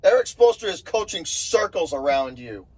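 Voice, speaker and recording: A young sports vlogger with a fairly high, very animated, breathy-edged voice rants angrily at a moderate pace about his basketball team. Swearing and repeating himself in exasperation, he's heard on a rough recording.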